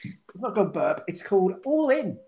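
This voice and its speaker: A woman co-hosting a casual wrestling chat, rambling and laughing, loud when teased. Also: mid-range voice, big pitch swings, normal speed. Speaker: podcast co-host.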